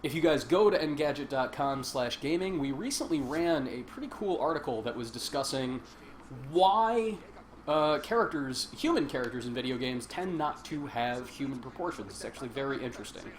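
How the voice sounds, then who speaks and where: At a moderate pace, a man with a medium-pitched voice and lively intonation hosts a casual game stream. He jokes, chats, and laughs a lot while playing and commenting, and faint game noise can be heard in the background.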